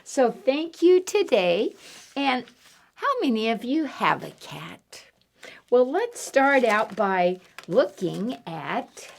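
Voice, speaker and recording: A children's librarian leads storytime in a bouncy, sing-song voice, swooping widely up and down in pitch and unhurried in her delivery. Her tone has a gravelly edge, and she spells out simple words and imitates animal noises for little listeners. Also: big pitch swings, a bit bright. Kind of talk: storytime reading to young children.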